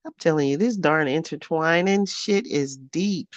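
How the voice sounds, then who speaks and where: A woman in her fifties reads her journal aloud, frank and unfiltered. She swears freely and laughs at herself, and her pitch swings widely as she talks. The sound is dry and a little dull, like a modest home mic. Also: animated, normal speed, few pauses, no echo. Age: 50s. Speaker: vlogger. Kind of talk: candid reading of her own journal.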